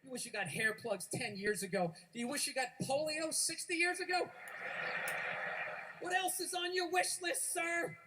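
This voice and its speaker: A stand-up comedian, a man with a fairly high voice, rants and mocks in a profane routine. He works a live room from the stage over a handheld mic. The recording carries a clear layer of background noise. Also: steady tone, normal speed, sharp tone, poor audio. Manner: profane, ranting, mocking. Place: stage before a live audience.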